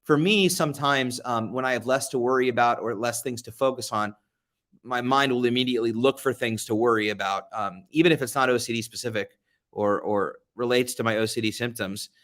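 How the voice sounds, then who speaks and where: A young American man with a mid-range, brisk, slightly bright voice hosts a casual live-stream chat from a beach rental during a getaway. He's chatty and self-deprecating, greeting viewers by name and joking about himself, and he also works as an advocate.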